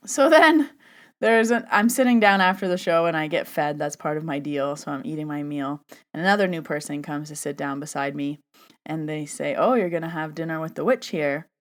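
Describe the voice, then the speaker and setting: A young adult woman hosting a podcast, telling a story in a chatty, animated way and acting out the dialogue she quotes. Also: low-pitched, normal speed. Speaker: podcast host. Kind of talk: casual storytelling monologue.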